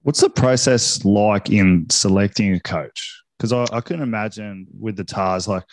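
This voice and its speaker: A man's voice: lowish voice, measured pace, dry recording, clean studio sound. A man hosting a casual interview, friendly and chatty, saying mate often. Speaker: interview host, club rugby player.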